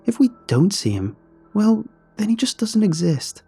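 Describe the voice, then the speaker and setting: An eager, matter-of-fact teenage girl in a spooky audio story, played by a man raising his voice. She talks a little husky and mellow, pressing her point. Faint music sits underneath. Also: high-pitched, very animated, unhurried, pitched above the performer's own voice, full character voice. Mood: insistent. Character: eager teenage girl, ghost-hunting friend. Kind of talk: horror story reading.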